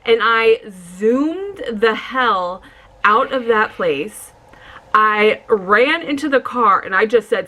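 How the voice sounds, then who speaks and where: A young adult woman vlogger telling a casual storytime, animated and swearing, acting out what people said. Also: on the high side, moderate pace.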